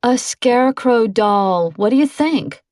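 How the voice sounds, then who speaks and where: Snippy teen girl for an audiobook, whiny and exasperated, higher than the reader's own voice, read by a woman. Dry recording. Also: expressive, measured pace, a little mellow, no echo. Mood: annoyed. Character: bored, snippy teenage girl cousin.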